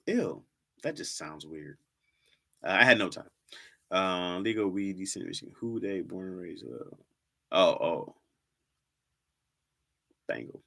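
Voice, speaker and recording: A man with a low but bright, forceful voice chats casually with viewers on a livestream. His pitch swings widely as he teases them and repeats words for comic effect. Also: animated, measured pace, vocal fry, long pauses. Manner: talks straight to viewers, says "y'all" a lot. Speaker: livestream host.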